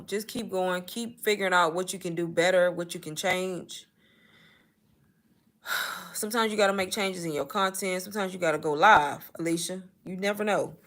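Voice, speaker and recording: A woman talking loosely on a live stream. Her voice is bright and forward. She chats in an animated way and turns to answer viewers' comments. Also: medium pitch. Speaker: host of a live Q&A on online business.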